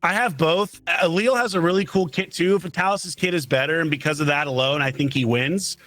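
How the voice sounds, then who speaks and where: A man's voice: a little high, brisk, bright, forceful tone, no room sound, soft background music, low-quality recording. A man co-hosting a casual gaming chat, passionate and insistent about his opinions. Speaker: co-host of gaming channel.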